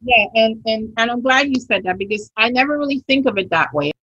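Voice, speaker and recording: A woman's voice: fairly high pitch, expressive, fairly quick, a bit bright, breathy edge, muffled recording. A woman with a Grenadian accent, a travel agent speaking candidly as a guest in a casual interview.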